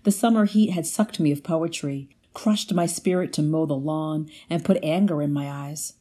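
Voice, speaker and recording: Female reader for literary prose; low, mellow voice, measured delivery. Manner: measured, lifts pitch for quoted lines. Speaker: guest reader. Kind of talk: literary reading aloud.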